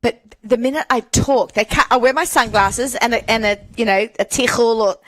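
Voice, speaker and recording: A woman's voice: fairly high pitch, normal speed. An Australian woman co-hosting a charity livestream, bantering in a dry, teasing way. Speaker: co-host of a charity auction livestream. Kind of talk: casual chat.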